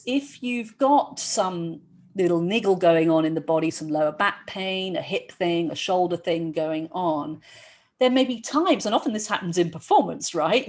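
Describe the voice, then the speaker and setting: A woman who treats performing artists, giving a lively educational talk and often checking in with the audience. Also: on the low side. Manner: lively, often asks "right?". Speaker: health practitioner for performing artists.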